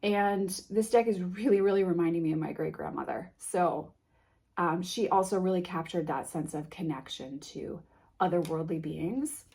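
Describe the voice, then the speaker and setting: A woman vlogging an unboxing of a card deck, reading card names softly and gushing with emotion. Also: lowish voice, normal speed, vocal fry. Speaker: tarot vlogger. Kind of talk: casual unboxing vlog.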